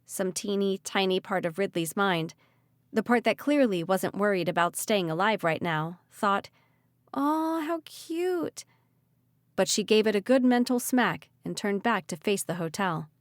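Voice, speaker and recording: A woman reads a fantasy audiobook with lively, expressive delivery. Her voice sits at a middle pitch. The recording is close and dry, with no room sound. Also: moderate pace, no echo. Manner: expressive, vivid reading. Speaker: audiobook narrator. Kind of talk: audiobook narration.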